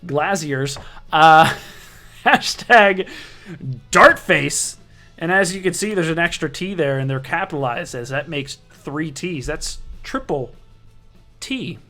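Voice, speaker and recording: A man's voice: high-pitched, bright, forceful tone. A man hosting a live online darts broadcast, introducing players and standings in a casual, joking way and often correcting himself mid-sentence. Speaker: league broadcast host.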